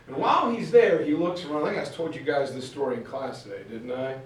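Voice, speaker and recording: Guy teaching history, chatty storyteller, kinda high voice, far off mic. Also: fast, slight background noise. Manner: casual, chatty, animated. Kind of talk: classroom history lecture, storytelling. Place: classroom. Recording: very echoey room, far from mic.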